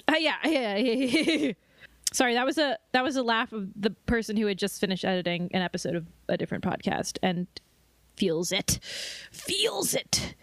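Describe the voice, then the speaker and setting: A young woman co-hosting a casual comedy book podcast, giggly and playful, with sudden loud mock wails. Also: medium pitch, moderate pace, no echo. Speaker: podcast co-host.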